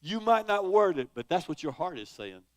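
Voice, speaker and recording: A man's voice: sits high, big pitch swings, moderate pace. A man leading a church Bible study, teaching in a conversational, dramatic way and reading scripture with feeling. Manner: dramatic, conversational, rises sharply on quoted laments.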